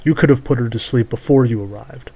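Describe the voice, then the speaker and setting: A man's voice: mid-range voice, fast, dark tone, breathy edge, low-quality recording. A man voicing a weary, stubborn young prince who argues earnestly, in a storybook reading. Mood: insistent.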